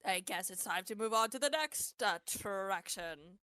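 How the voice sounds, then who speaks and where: A woman's voice: expressive, measured pace, bright, forceful tone, no echo. A woman putting on the voice of a cheery theme-park animatronic mascot, calling out like a showman. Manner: booming showman greeting.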